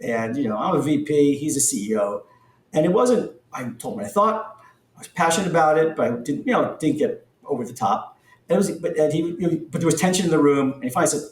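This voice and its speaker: Brief: middle-aged male podcast guest, storyteller, excitable rises, roomy distant recording. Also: a little high, fairly quick. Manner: animated, voice jumps up in excited bursts. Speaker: podcast guest, company founder. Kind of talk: storytelling in an interview. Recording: echoey room, distant from the mic.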